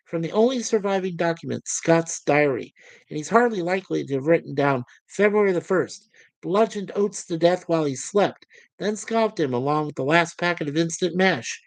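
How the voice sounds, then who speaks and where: A woman's voice: lowish voice, expressive, normal speed, no echo. A woman voicing a smug, cynical male officer who rants in a sneering way. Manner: sneering, ranting.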